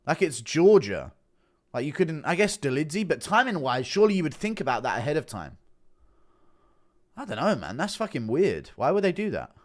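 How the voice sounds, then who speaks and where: A man hosts a casual livestream, reacting to a clip and answering chat messages. His pitch jumps around a lot as he talks. He is blunt and rambling, and he swears freely. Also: big pitch swings, normal speed. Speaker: livestream host reacting to a podcast.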